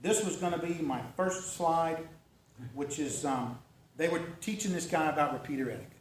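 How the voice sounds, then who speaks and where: A man's voice: fairly high pitch, normal speed. A man presenter wrapping up a talk in a light, self-mocking way. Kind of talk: joking end of a talk. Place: meeting room in a building. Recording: roomy and from far off, faint hiss.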